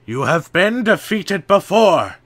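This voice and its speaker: A man's voice: medium pitch, expressive, slow pace, dry recording, heavily acted. Give me a stern, commanding old elder in a storybook, voiced by a man. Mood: defiant. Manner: raised, sharp, commanding. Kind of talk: audiobook character voice.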